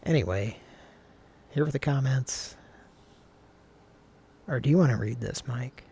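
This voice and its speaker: Man, gravelly, rambling casual talk, reads comments aloud, faint background hiss. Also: medium pitch, a little slow, warm tone. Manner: rambling, self-interrupting storyteller. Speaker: podcast co-host. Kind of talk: casual chat, reading listener comments aloud.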